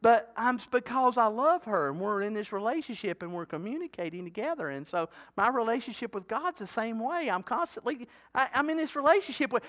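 High, bright-voiced folksy preacher man. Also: expressive, brisk, hardly any pauses. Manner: folksy, talkative preaching with rhetorical questions to the congregation. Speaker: pastor. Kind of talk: sermon.

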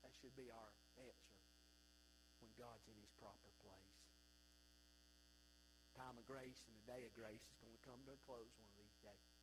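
A middle-aged man from North Carolina, preaching a sermon as pastor, swinging from hushed to loud exhortation. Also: medium pitch, steady tone, moderate pace, long pauses, noisy background.

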